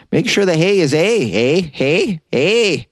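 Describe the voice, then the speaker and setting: A man's voice: a little high, no room sound, studio quality, voice pushed up, exaggerated voice. A man voicing a gullible, cheerful Canadian in an exaggerated mock Canadian accent, ending his sentences with "eh". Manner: tags sentences with a drawn-out "eh", sing-song.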